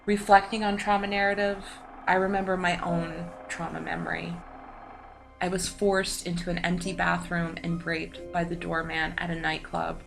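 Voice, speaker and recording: A woman giving a slow, solemn scripted voice-over narration for a documentary. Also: lowish voice, gravelly, a bit bright. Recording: voice-over with music behind.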